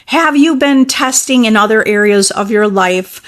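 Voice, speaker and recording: A woman's voice: a little high, a little slow. A young adult woman coach talking casually and encouragingly, often checking in with "okay?". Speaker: manifesting coach. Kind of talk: casual teaching talk.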